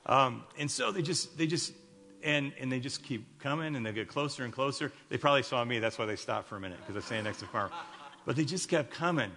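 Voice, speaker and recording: A man's voice: mid-range voice, animated, fast, bright, forceful tone. A man in his fifties from Chicago, a pastor telling stories in a sermon, rambling with many restarts and light jokes to the congregation. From Chicago, USA. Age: 50s. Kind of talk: sermon storytelling. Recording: echoey hall reverb.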